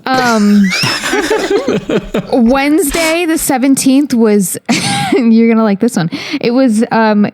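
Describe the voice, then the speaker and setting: A woman co-hosting a podcast, running through a list of weekly holidays in casual banter with quick jokes. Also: a little high, very animated, noisy background. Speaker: podcast co-host.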